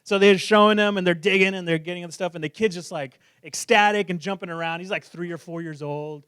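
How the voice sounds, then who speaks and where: A man's voice: high-pitched, steady tone, a little fast, a bit bright, clean tone, no echo, clean studio sound. A male pastor preaching a sermon in a joking, self-deprecating, conversational way.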